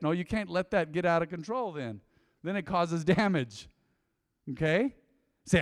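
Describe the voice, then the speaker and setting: A man preaching a sermon, telling stories and asking his congregation questions in an animated way. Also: fairly high pitch, moderate pace, studio quality. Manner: animated storytelling, lively asides to congregation. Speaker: pastor. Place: church sanctuary. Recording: long reverb in a hall.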